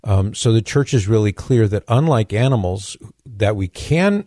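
A man with a low, mellow voice hosts a radio call-in show and explains his answers in a measured, orderly way. He is losing his voice, so it sounds a little worn. The sound is dry and close. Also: animated, no echo.

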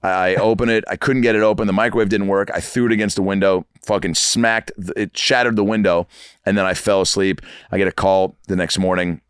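A man in his thirties telling comic stories as a podcast guest, animated and acting out the people in them. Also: low voice, a little fast, smooth, no echo, clean studio sound. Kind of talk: comic storytelling. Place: podcast studio.

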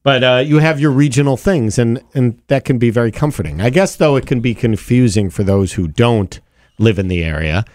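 A man's voice: mid-range voice, moderate pace, no echo, studio quality. A man hosting a casual radio chat and trading jokes with a co-host. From Wisconsin. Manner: chatty, laughs along, bursts into a loud mock New York voice.

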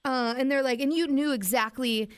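Woman radio host, slightly high voice, lively storyteller, casual chat. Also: normal speed, crowd noise. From Northeast Wisconsin. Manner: animated storytelling with acted-out quotes.

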